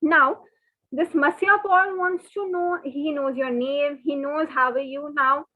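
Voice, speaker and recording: Indian-accented woman teacher, high voice, slow patient repetition, thin phone-quality audio. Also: fairly even intonation. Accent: Indian English. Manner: repeats and spells out words patiently. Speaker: French teacher. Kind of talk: online language lesson.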